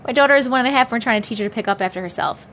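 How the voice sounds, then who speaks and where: A woman's voice: a little high, racing, fairly bright tone, a little hiss or hum. Chatty, swearing woman on a livestream. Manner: chatty, laughs often, swears casually. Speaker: livestream host. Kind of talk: casual chat with viewers. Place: home.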